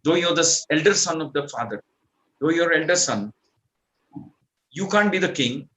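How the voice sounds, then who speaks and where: Male scripture teacher, fairly high voice, conversational storytelling lecture. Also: expressive, normal speed, fairly bright tone, rough recording. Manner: conversational, repeats points and restarts.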